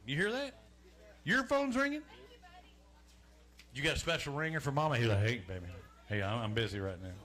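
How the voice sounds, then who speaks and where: Bright-voiced emcee man. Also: a little high. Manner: joking, chatty, calls out names and weights. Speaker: weigh-in emcee. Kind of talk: live event hosting. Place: outdoor lakeside weigh-in stage.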